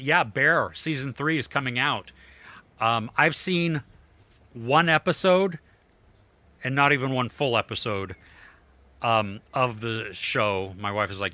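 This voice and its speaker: Man, middle-aged, podcast co-host; bright tone, loose rambling chat with fillers. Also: medium pitch, a little slow, no echo. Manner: rambling, lots of fillers and restarts. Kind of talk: casual chat.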